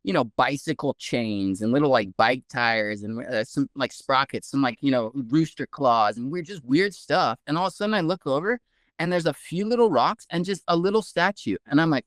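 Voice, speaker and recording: A man, a guest researcher, telling a story in a casual, animated way with many "like"s. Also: mid-range voice, moderate pace, no echo, clean studio sound. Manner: animated, heavy use of "like".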